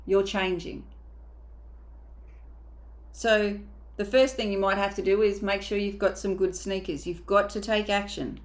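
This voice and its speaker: A woman's voice: mid-range voice, fairly even intonation, normal speed. A woman mindset coach giving a motivational coaching talk, emphatic and casual, sometimes acting out inner voices.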